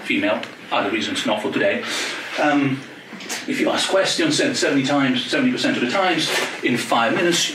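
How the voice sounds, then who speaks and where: A man giving an academic talk, joking with quick asides in a lively manner. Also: medium pitch, noisy background. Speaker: panel speaker. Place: lecture hall. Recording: echoey lecture hall from far off.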